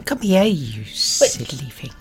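A woman's voice: on the low side, very animated, unhurried, faint music behind. A woman player in a tabletop game, making wry, dry remarks. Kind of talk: tabletop game role-play.

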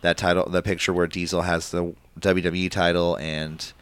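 A man's voice: deep voice, little pitch movement, normal speed, fairly bright tone, clean tone, no room sound. A man casually recapping a wrestling match play by play with his co-hosts on a podcast. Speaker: podcast co-host.

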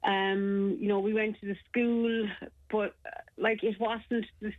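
A woman's voice: mid-range voice, little pitch movement, a little slow. Irish woman on a tinny phone line. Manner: chatty, warm reminiscing with many fillers. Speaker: caller. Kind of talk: casual phone chat.

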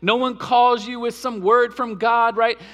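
A man preaching a sermon in a church, his voice notably high for a man. He talks earnestly, climbing into loud, impassioned bursts when he gives voice to a cry, then sinking to a low, quiet hush. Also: steady tone, a little slow. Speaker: pastor. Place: church sanctuary.

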